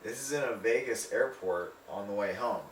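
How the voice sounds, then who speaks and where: A man's voice: lowish voice, moderate pace. A man co-hosting a podcast, telling a rambling story casually, with lots of fillers and laughs. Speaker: podcast co-host. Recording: echoey room, far mic, faint noise.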